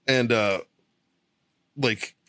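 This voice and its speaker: A man's voice: mid-range voice, drawn-out words, a bit bright, dry recording. A man with a Boston accent, co-hosting a podcast and telling a long, profane story in casual chat. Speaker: podcast co-host.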